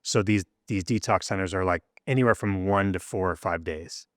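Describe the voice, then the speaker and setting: A man with a lowish voice tells a raw personal story in a candid interview. He gets emotional and acts out the people he quotes, his pitch jumping up for their lines. The sound is close and dry. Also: normal speed, fairly bright tone, no echo. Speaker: guest, rock drummer.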